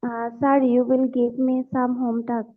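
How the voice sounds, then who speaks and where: A woman's voice: a little high, monotone, soft background music. Woman student on a tinny call line. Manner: halting, simple English. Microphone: video call. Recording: tinny phone-like call audio.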